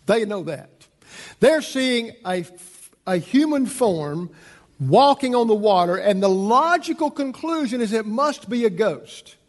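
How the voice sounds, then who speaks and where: A high-voiced male pastor delivers a lively sermon and slips into the voices of the people in his story. His voice rings through a church hall with a long reverb trail. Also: measured pace. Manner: animated, acts out the people in the story.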